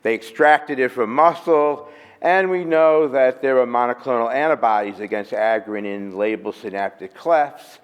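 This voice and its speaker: A man's voice: medium pitch, moderate pace, clean tone, dull audio. Man lecturing in an echoing conference hall. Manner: methodical, explanatory, walks through slides. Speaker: physician presenting at a medical conference. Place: hotel conference room.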